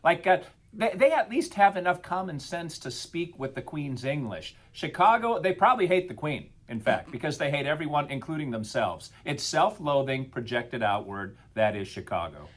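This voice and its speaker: A man's voice: fairly high pitch, animated, normal speed, few pauses. Mock-grumpy man ranting on a podcast. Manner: mock-grumpy, exaggerated rants. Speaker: podcast co-host. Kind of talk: casual comedic podcast chat.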